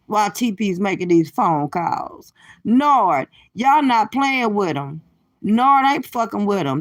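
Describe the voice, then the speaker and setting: A middle-aged woman doing profane, brash reaction commentary from her car, cursing and laughing through loud rants. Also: on the high side. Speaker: livestream commentator.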